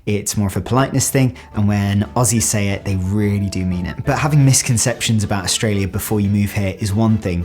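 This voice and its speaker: A young man from the UK with a British accent talks straight to camera in a relaxed vlog. His voice sits low and his delivery is animated and chatty, with lots of casual fillers. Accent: British English. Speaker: vlogger.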